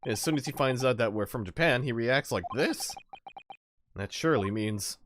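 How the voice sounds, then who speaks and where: A man's voice: medium pitch, animated, normal speed, a little hiss or hum. A man streaming a story game, talking casually in a playful, self-deprecating way while he thinks aloud. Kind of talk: casual game let's-play commentary.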